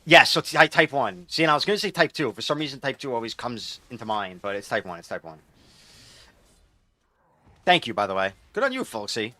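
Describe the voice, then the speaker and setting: A man's voice: medium pitch, very animated, quick pace, few pauses, bright, forceful tone, no room sound. A man streaming a game, chatting casually with viewers in a rambling, loose way and reading chat aloud.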